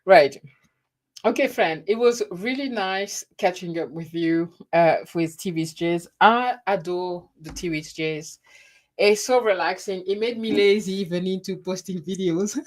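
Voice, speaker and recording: A woman's voice: fairly low pitch, measured pace. A middle-aged woman, chatting casually and laughing at herself on her live stream. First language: French. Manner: chatty, laughing, self-deprecating. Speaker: YouTube host.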